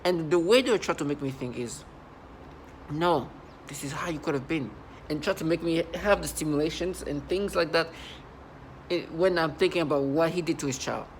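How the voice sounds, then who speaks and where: A man's voice: on the high side, a little fast, a little hiss or hum. A man talking to camera in an agitated, rambling monologue, often repeating and restarting himself. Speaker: channel host.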